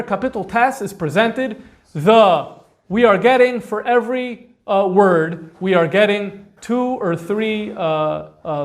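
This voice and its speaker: High-voiced man lecturing with many fillers. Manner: conversational, thinks aloud with frequent fillers. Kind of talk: informal lecture on manuscripts.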